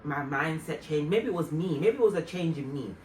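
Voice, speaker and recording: A woman vlogger and mother telling a heartfelt personal story in an earnest, reflective way, with soft fillers. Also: low-pitched, animated, a little fast. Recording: roomy, distant mic, faint noise.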